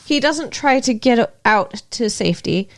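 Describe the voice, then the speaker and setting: A woman with a fairly high voice co-hosts a podcast in casual chat. She is blunt and indignant and swears freely. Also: animated, unhurried. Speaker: podcast co-host.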